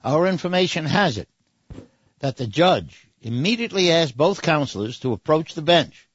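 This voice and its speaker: A man's voice: on the high side, big pitch swings, moderate pace, breathy edge, no echo. A man co-hosting a comedy radio show, wisecracking, stammering on restarts and laughing. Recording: dull lo-fi radio recording with faint music.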